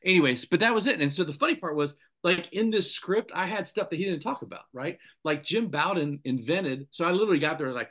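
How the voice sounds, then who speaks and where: A man's voice: a little high, fast talker, few pauses. A middle-aged man, a former sports anchor, telling stories as a guest in a casual interview and acting out the people he quotes. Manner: animated anecdote-telling, acts out the people he quotes. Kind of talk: casual storytelling in a podcast interview.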